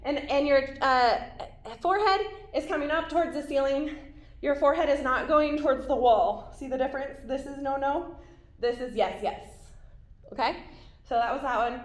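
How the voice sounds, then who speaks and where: A woman's voice: sits high, roomy sound. A woman leading an ab workout, talking through each move while doing it and sometimes out of breath. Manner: encouraging, talks through exercises while doing them. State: out of breath at times. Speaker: fitness instructor. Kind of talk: workout instruction.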